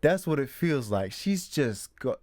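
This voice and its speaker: A young man talks casually about a film he loves, with an animated way of retelling scenes. His voice sits at a medium pitch. The sound is dry and close, with no room echo. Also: measured pace. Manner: animated retelling, acts out character quotes. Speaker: movie reviewer host.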